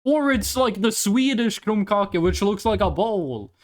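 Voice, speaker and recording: Animated, swearing Norwegian woman streamer. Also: medium pitch, unhurried. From Norway. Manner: ranting, swears freely, animated. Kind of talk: casual livestream chat.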